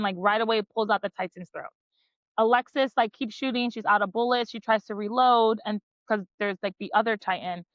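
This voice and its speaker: A woman hosts a book podcast and recaps chapters in loose, excited chat. She keeps dropping "like" as she goes. The recording is dry and a little muffled. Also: mid-range voice, dry recording. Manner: enthusiastic, frequent "like" fillers. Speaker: podcast host. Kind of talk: casual book-club chat, summarizing chapters.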